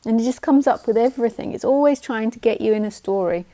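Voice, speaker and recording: A woman's voice: on the high side, quick pace, warm tone. A woman spiritual teacher giving a live talk, blunt and direct, sometimes mocking the mind in silly voices.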